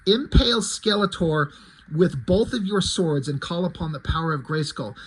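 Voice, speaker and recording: A man reading the lines of a psychic woman in his own slightly husky voice, with no character voice. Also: fairly high pitch, moderate pace, rough recording. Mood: urgent. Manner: read plainly in the narrator's own voice. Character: psychic adult woman holding shut a breach.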